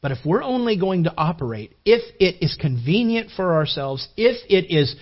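Middle-aged guy preaching, kinda high and breathy, drops to a hush then gets loud, muffled old recording. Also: very animated, normal speed. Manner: conversational, repeats and restarts words, swings between hushed and raised. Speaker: pastor. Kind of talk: sermon.

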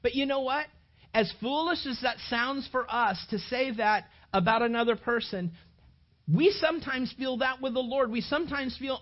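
A pastor preaching a sermon to a congregation in a church, emphatic and animated, speaking straight to the listeners. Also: medium pitch, moderate pace, muffled recording.

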